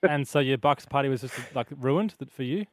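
A man's voice: mid-range voice, a little fast, dry recording. A man with an Australian accent co-hosting a radio show, teasing callers in a chummy way. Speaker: radio co-host. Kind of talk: radio banter. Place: radio studio.

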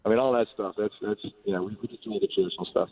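Middle-aged man, low-set voice, halting phone-in guest, dry tinny line. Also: fairly even intonation, slightly rough, no echo. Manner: halting, many restarts and fillers. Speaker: quarterback guest. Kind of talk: casual radio phone interview.

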